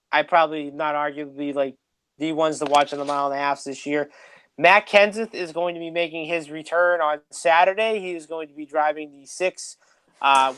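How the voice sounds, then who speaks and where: A man's voice: a little high, fairly bright tone, smooth. A man co-hosting a casual motorsport podcast, running through a list with many "uh" fillers. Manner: reads off lists with frequent "uh" fillers. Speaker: podcast co-host. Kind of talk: casual sports podcast chat.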